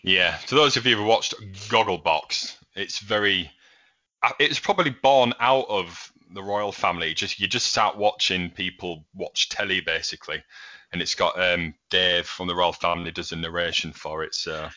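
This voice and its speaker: A man's voice: deep voice, moderate pace, pushed and bright. A young man co-hosting a podcast, chatting casually and animatedly with laughs as he retells scenes. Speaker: podcast co-host. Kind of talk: casual chat.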